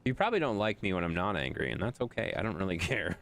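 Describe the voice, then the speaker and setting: A man with a fairly low voice and a lively, swooping delivery talks his way through a game stream. He banters with viewers, tells them off in mock exasperation, and narrates what he is doing in loose, casual talk. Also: fast, gravelly. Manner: bantering, scolds and teases chat. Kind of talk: casual live-stream commentary while playing.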